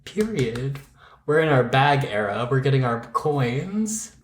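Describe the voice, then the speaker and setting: A podcast co-host from Pittsburgh jokes around in a sassy, slangy, casual chat. His voice sits at a middle pitch. The sound carries the echo of a roomy space. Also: big pitch swings, slow pace, slight background noise. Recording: echoey room.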